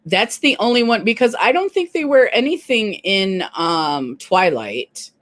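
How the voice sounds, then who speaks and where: Female co-host for casual live-stream chat, lively intonation, friendly greetings to viewers. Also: mid-range voice, unhurried, no echo. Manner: chatty, greets viewers by name.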